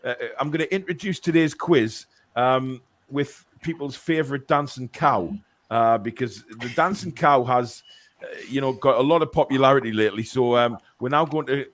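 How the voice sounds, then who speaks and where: A man's voice: medium pitch, moderate pace. Guy hosting a web show, jokey and rambling, reading out comments. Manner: jokey, rambling, reads viewer comments aloud. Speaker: show host. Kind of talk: casual online panel chat.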